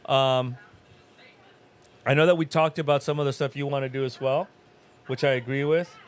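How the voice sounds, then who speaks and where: A man's voice: mid-range voice, fairly even intonation, moderate pace, clean tone. A middle-aged man co-hosting a casual movie watch-along, rambling through film trivia and laughing often. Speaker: podcast co-host.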